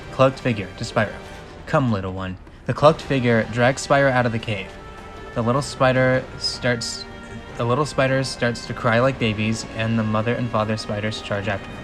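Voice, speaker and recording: A man reading a film script aloud and breaking off for rambling, incredulous asides. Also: medium pitch.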